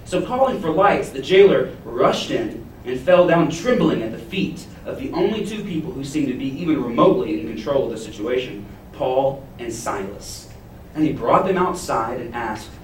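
Expressive preacher man in echoey church. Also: mid-range voice, normal speed, a little hiss or hum. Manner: expressive, acts out the jailer's panic in a paraphrase. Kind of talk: sermon. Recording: echoey room, heard from a distance.

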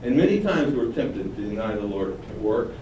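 A man preaching a sermon, animated, acting out quoted lines with sudden rises. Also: medium pitch, moderate pace. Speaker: pastor. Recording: very echoey room, distant mic, faint noise.

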